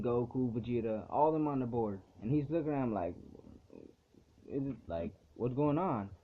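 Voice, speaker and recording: A man in the middle of a casual episode recap, rambling along with "like" in nearly every phrase and swearing as he goes. His voice sits at an ordinary pitch. The sound is thin and tinny, as if over a phone line. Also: a little hiss or hum. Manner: rambling, heavy use of "like" fillers, frequent swearing. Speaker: anime episode reviewer.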